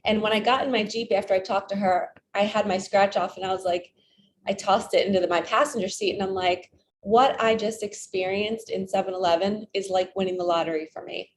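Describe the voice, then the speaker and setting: A woman talks as a spiritual coach in a relaxed, chatty vlog. She tells everyday stories and acts out her own inner questions as she goes. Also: mid-range voice, a little fast. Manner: chatty, retells stories with quoted self-talk. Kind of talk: casual vlog storytelling.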